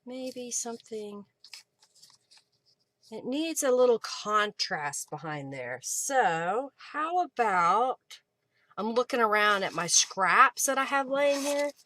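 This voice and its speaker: Chatty crafting woman, higher voice. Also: very animated, slow pace, sharp tone, slight background noise. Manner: chatty, thinks aloud while working, reads viewer comments. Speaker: craft livestream host. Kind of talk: casual live crafting chat. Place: home craft table.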